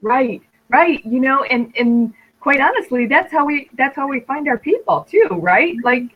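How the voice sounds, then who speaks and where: A woman's voice: high voice, animated, measured pace, husky, lo-fi sound. A woman hosting a casual podcast chat, encouraging her guest with frequent "right?" and "you know". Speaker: podcast host.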